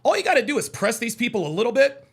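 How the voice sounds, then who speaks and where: A man's voice: very high-pitched, big pitch swings, fast talker, fairly bright tone, slightly rough. A man from the American South hosting a live call-in reaction show, talking in a profane, combative way and often repeating himself. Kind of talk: heated live reaction commentary.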